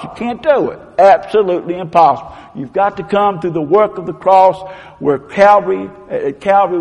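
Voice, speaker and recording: Male pastor, slow deliberate sermon, gravelly voice, loud then hushed, long echoing hall. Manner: swings between loud emphatic proclaiming and hushed low tones; leads the congregation in call-and-response.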